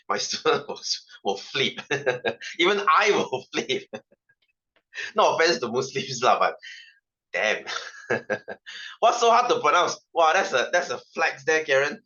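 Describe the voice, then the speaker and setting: A man's voice: mid-range voice, sharp tone, dull audio. A young man with a Malaysian English accent teaching a casual science lesson, chatty and joking, with constant "right?" asides. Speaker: science tutor.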